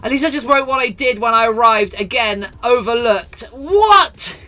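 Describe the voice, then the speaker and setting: A woman's voice: on the high side, brisk, pushed and bright, faint music behind. A British woman streaming live, chatting playfully and mock-dramatically with her viewers while she crafts.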